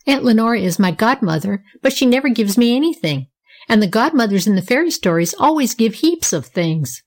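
A woman voicing a dreamy, eager little girl with a wistful, excitable manner. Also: on the high side, fairly quick.

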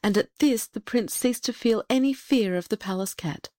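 A woman narrating a fairy tale in a steady, expressive read-aloud manner. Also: a little high, normal speed, no echo, studio quality. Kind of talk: storybook narration.

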